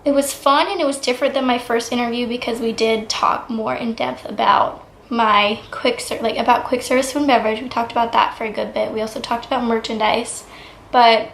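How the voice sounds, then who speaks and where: A young woman in her twenties vlogging casually, chatty and excitable with lots of "like" fillers. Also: fairly high pitch, fairly quick, slight background noise. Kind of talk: casual vlog storytelling. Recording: echoey room.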